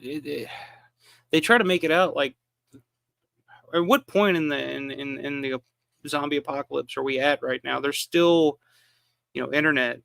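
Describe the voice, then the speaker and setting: Gravelly, bright-voiced man rambling casually. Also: medium pitch, dry recording. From American South. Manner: rambling, frequent restarts and fillers. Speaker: live stream host. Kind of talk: casual watch-along film commentary.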